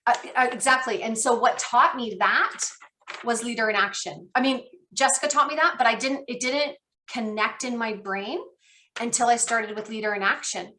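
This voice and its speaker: A woman trainer on a team call, talking with an excited, animated storytelling manner. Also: a little high, moderate pace. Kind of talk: enthusiastic coaching chat.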